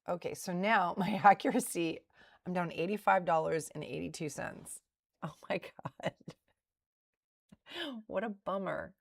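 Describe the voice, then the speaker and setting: A woman's voice: on the low side, animated, measured pace, vocal fry, fairly bright tone. A middle-aged woman streaming her day trading, thinking aloud in a casual, self-deprecating way as she reviews her trades at a home desk. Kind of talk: casual livestream commentary.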